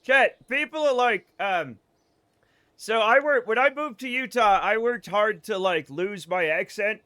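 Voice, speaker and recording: On a live stream, a man from the Boston area, his accent now faded, jokes, swears, and laughs often through casual gameplay commentary. His voice is high and sharp, he takes his time, and the recording is dry.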